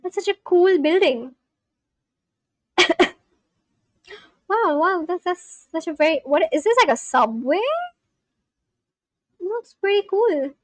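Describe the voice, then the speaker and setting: A woman chats casually on a live stream, reading out viewer comments and firing questions back. Her voice sits high and her pace is unhurried. The sound is close and dry. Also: expressive, no echo, rough recording. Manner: chatty, reads viewer comments aloud and asks them questions. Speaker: live-streamer learning a language.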